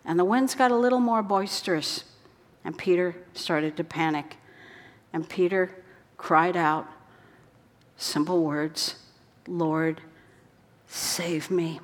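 A woman's voice: fairly low pitch, takes it slowly, long pauses. Earnest woman preaching in a reverberant hall. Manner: earnest, dropping to soft whispered quotes. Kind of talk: sermon.

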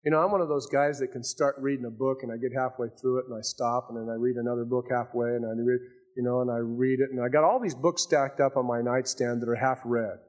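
An older man preaching a sermon as pastor, swinging between raised emphasis and hushed asides. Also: mid-range voice, fairly even intonation, fast.

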